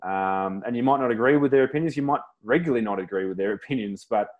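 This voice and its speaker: A man co-hosting a podcast, talking in a thoughtful way with many pauses and fillers. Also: medium pitch, narrow, tinny audio. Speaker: podcast co-host. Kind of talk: casual panel chat.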